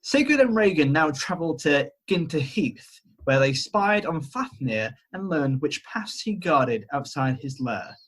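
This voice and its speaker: A husky man retells an old legend on a video-call podcast, with a voice pitched a touch high. He rambles, hesitates and jokes at his own expense as he goes. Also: very animated, measured pace, few pauses, a bit bright. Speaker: podcast co-host retelling a myth. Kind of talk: casual storytelling chat. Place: home, remote call.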